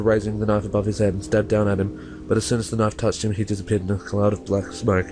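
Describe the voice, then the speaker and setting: A man's voice: lowish voice, voice pushed down, natural voice. A man reading as a horror-struck young mother. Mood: frantic. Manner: first-person reading with stumbles. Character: grief-stricken young mother telling her tale. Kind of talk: reading a horror story aloud.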